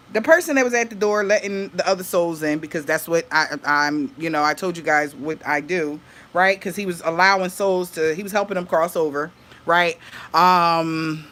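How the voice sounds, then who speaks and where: A woman's voice: on the low side, measured pace, fairly bright tone. A woman, telling a dream story to her viewers in casual vlog talk, laughing, swearing and acting out what people said. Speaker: vlogger.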